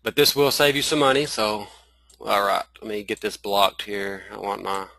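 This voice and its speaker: A man with a Southern accent teaching a live screen-share webinar, talking in halting runs full of restarts and fillers. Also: fairly low pitch, steady tone, creaky, sharp tone, no room sound, rough recording. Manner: halting, many restarts and fillers, addresses viewers as y'all. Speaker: online marketing trainer.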